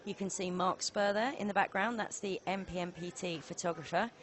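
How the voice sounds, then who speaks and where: A woman commentating live poker, chatty and excitable, joking about herself. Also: on the low side, a little fast. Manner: chatty, excitable, self-mocking.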